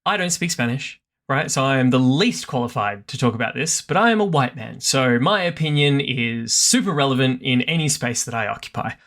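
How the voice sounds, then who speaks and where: Male co-host, playful and sarcastic, very lively pitch, casual chat. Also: fairly quick, few pauses. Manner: animated, sarcastic banter. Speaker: podcast co-host.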